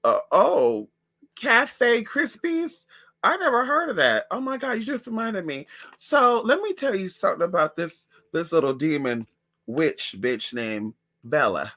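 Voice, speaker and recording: A man talking in a sassy, profane, animated way in a casual gossip monologue at home. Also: sits high, measured pace. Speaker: vlogger.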